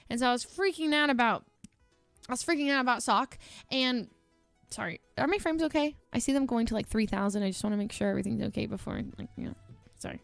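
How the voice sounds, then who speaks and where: A woman's voice: fairly high pitch, quick pace, vocal fry, fairly bright tone, no echo, faint music behind. Young woman streamer rambling through a story. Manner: rambling, heavy on "like" fillers, laughing asides. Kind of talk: casual storytelling.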